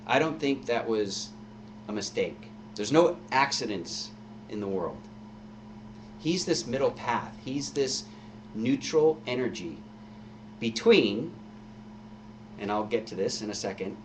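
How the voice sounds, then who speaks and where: A man's voice: medium pitch, distant mic, slight background noise. A male pastor giving a conversational sermon full of rhetorical questions at a live-streamed church service.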